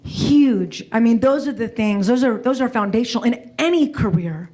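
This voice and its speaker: A woman's voice: on the high side, expressive, normal speed, darkish tone. A woman in her forties giving a personal, emotional talk to an audience, often restarting and repeating her words. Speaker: keynote speaker. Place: event hall before an audience.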